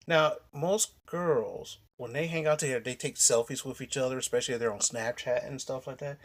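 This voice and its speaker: A man's voice: mid-range voice, a little fast, few pauses. A man vlogging, telling a personal story in a casual, rambling way, blunt and full of swearing, often restarting his sentences.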